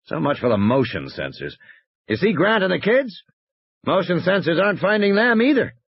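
Man playing gruff tough warden, exasperated, curses, animated voice. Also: high voice, moderate pace, dry recording, highs cut off, pitched above the performer's own voice, heavily acted. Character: gruff tough male game warden, impatient. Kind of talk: audiobook character voice.

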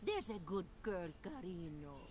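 A woman voicing an older woman in a video game, speaking in a gentle, hushed way. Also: on the low side, sing-song, a little slow, heavy background noise. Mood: soothing.

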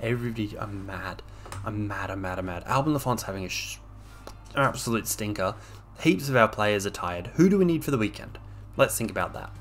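A man's voice: lowish voice, fairly bright tone. A young man commentating on his own gameplay, exasperated and sarcastic, ranting at a desk microphone. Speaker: game streamer.

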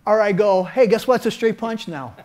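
Older male martial arts coach, high-pitched and energetic, punctuating the lesson with shouted sound effects. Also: a little fast. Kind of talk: hands-on seminar teaching.

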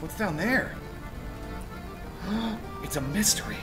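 A man co-hosting a casual let's-play, excitable and quick to laugh and swear. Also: high voice, over music. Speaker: gaming show co-host.

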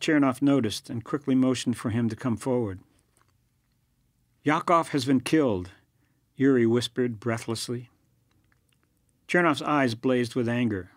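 A man reading a thriller novel aloud in a measured, plain scripted narration. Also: mid-range voice, no room sound, clean studio sound. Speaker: audiobook narrator.

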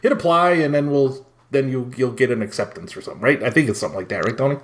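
A man's voice: medium pitch, fast. A man co-hosting a casual podcast, teasing his partner and laughing often. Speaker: podcast co-host.

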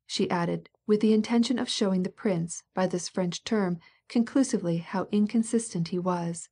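Mellow woman reading a classic novel. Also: medium pitch, normal speed, hardly any pauses, slightly rough. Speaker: audiobook narrator. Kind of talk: scripted audiobook narration.

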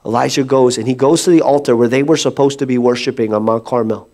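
Gravelly-voiced male pastor preaching. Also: medium pitch, fast. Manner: animated, conversational preaching with playful mock voices. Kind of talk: sermon.

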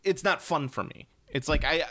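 A man's voice: a little high, moderate pace, bright, forceful tone. A man co-hosting a gaming podcast in casual chat, laughing often, swearing and mimicking people. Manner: laughing, profane, mimics people in exaggerated voices. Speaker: podcast co-host.

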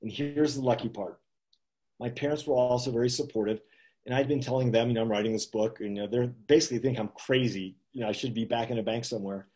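A man, an author, telling his story in a relaxed, animated way, with frequent chuckles and asides. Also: medium pitch, quick pace. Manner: animated anecdotes with many "you know" asides and chuckles. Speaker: author guest. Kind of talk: casual storytelling on a live video chat.

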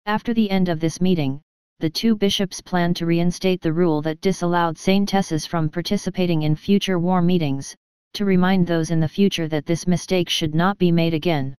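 A woman narrating an audiobook in a steady, even storytelling manner. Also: lowish voice, moderate pace, clear, resonant tone, dry recording. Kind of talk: scripted narration.

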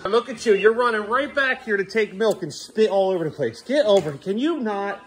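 A man's voice: high voice, expressive, normal speed, slight background noise. A man filming a casual family vlog at home, coaxing and joking with his children as he hurries them through bath time. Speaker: father filming his kids.

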